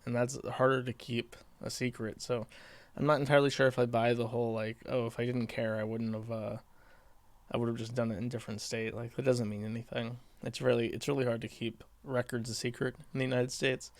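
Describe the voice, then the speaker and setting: A man rambles through casual commentary, hedging often and filling pauses as he thinks aloud, with the odd curse. The recording is dry and close. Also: medium pitch, little pitch movement, no echo. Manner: rambling, hedging, fillers, occasional swearing. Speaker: commentary host.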